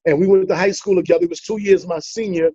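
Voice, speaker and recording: Animated New comedian, high voice. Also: male voice, fast, slightly rough, dry recording, highs cut off. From the Bronx, New York. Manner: animated storyteller, playful teasing. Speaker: comedian guest. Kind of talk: casual interview chat.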